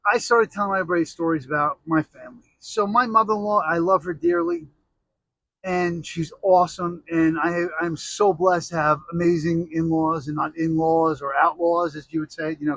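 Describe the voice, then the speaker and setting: Jokey high-voiced man telling stories. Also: fairly bright tone, dry recording, low-quality recording. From United States. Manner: rambling, jokey, with many restarts and asides. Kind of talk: casual storytelling monologue.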